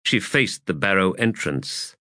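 Guy narrating a fantasy audiobook, low voice, slow and expressive, dry close mic. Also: dry recording. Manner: measured, expressive reading.

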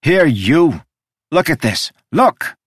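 A man voicing a volatile, foul-mouthed male digger who shouts and curses in a rage. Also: deep voice, sing-song, takes it slowly, breathy edge, no echo, clean studio sound, full character voice. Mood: raging. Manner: shouting, cursing, raging.

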